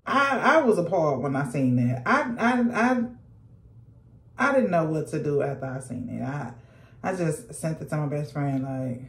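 A woman's voice: sits low, big pitch swings, normal speed, gravelly, reverberant. A young woman, telling a sassy, slangy storytime while doing her makeup at home. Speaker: vlogger. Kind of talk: casual storytime chat.

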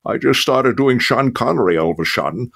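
A man's voice: medium pitch, a little fast, creaky. An older man, a voice actor, chatting casually in an interview and telling stories with many fillers. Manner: relaxed storytelling with many fillers. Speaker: voice actor guest.

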